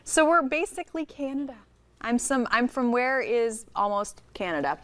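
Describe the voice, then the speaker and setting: A woman in her thirties from the Upper Peninsula of Michigan, co-hosting a TV show in casual studio chat, chatty and quick to laugh. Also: on the high side, expressive. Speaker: TV show co-host.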